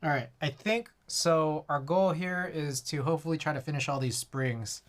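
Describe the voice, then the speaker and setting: A man's voice: a little high, normal speed. A man chatting casually on a live stream while he works on a keyboard build. He rambles, fills his talk with "like", and chuckles often. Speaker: livestreamer. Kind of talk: casual livestream chat while working.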